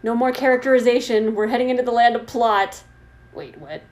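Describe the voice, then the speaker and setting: A woman's voice: on the high side, brisk, darkish tone. A woman co-hosting a comedic reading, groaning and mocking the text in a theatrical, exasperated way. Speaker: podcast co-host. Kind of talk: comedic dramatic reading and banter.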